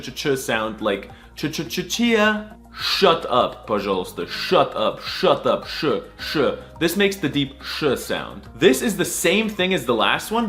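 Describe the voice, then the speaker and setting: An American man playing a comedic language teacher hams up an alphabet lesson, mock-serious and playful, drilling each sound again and again. His pitch swings wildly, leaping into squeaky bursts between deadpan asides, with soft music faintly underneath.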